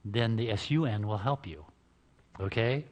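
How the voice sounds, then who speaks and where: This man's voice sits on the low side, a little slow and somewhat mellow, echoing through a reverberant church hall. Speaking before an audience at a church health seminar, he gives a loose, jokey talk, bantering with listeners and chuckling at his own remarks.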